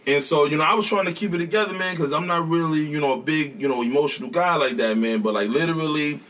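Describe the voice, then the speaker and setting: A man, a teacher on as a guest, tells stories at a rapid clip, acting out quotes with laughter in his voice. He sits a little back from the mic, so the sound sits slightly distant. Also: fairly high pitch, a little hiss or hum. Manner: animated, laughing storyteller who acts out quotes. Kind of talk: casual storytelling interview.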